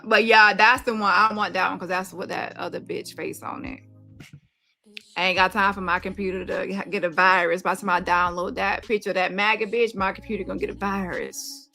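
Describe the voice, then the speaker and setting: A woman's voice: medium pitch, vocal fry, sharp tone. A woman hosting a casual livestream, blunt and gossipy, talking straight to her viewers. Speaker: livestream host.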